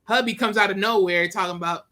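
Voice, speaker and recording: Male movie reviewer, high and bright, casual and animated. Laughs a lot and slips into voices for the scenes. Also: fast.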